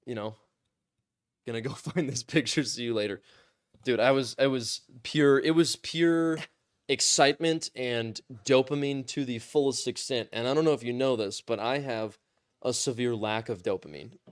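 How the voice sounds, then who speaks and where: A man's voice: medium pitch, normal speed, smooth. Rambling, swearing young man on a podcast. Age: 20s. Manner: rambling, self-mocking, swears freely. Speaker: podcast host. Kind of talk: casual podcast chat.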